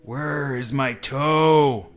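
A man voicing a groaning monster hunting for its lost toe, drawn out slow and loud. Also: mid-range voice, gravelly, faint music behind, pitched above the performer's own voice.

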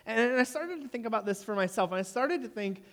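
A man's voice: extremely high pitch, fairly quick. A man in his thirties preaching a sermon, telling a story with humor and often checking in with "right?". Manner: animated, jokey storyteller who asks the room "right?". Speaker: pastor. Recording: long reverb of a large hall.

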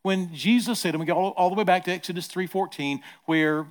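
A middle-aged man preaching a sermon as pastor, swinging from quiet, soft passages to loud, emphatic ones and repeating words as he builds. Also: high voice, brisk.

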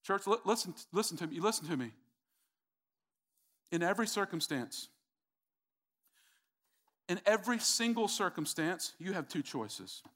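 A man's voice: fairly high pitch, sing-song, normal speed, long pauses, a bit bright, slightly rough. A middle-aged man preaching a sermon, emphatic and repetitive, calling out to the congregation. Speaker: pastor.

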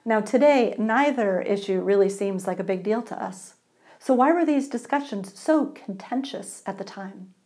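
A woman's voice: mid-range voice, expressive, moderate pace, darkish tone. A woman pastor giving a sermon in a conversational way, asking the congregation for responses.

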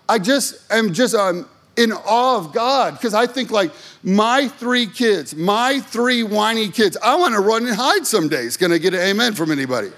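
A man's voice: high voice, a bit bright. A male pastor preaching a sermon with emphatic rhetorical questions and joking asides to the congregation.

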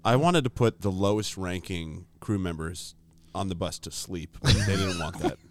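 A man's voice: low-pitched, normal speed. A man hosting a casual podcast, joking and bantering with his guests. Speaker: podcast host.

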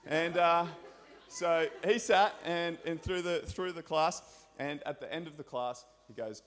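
A man's voice: on the high side, expressive, normal speed. Australian male preacher, casual and upbeat, tells school stories from the pulpit. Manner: enthusiastic, chatty storyteller. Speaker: pastor and school scripture teacher. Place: church.

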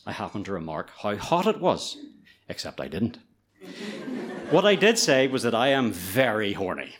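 Lively comic male storyteller. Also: sits low, a little hiss or hum. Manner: comic, self-deprecating, often laughing. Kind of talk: told personal story.

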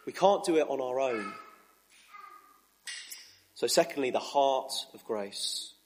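A man preaching a sermon in an earnest, measured way, with emphatic rises. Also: mid-range voice.

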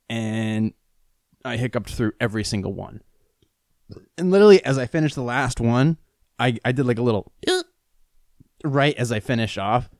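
A man's voice: mid-range voice, a little mellow, dry recording. Guy with the hiccups ranting on his podcast, swears a lot, dry close sound. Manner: rambling, profane and self-mocking. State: has the hiccups. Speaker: podcast host. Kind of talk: casual solo podcast rant.

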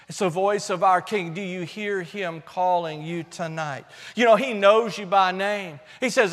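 A man preaching a sermon with passion, swinging between shouted praise and hushed appeals, with folksy, humorous asides. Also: high-pitched, unhurried, few pauses, long reverb tail.

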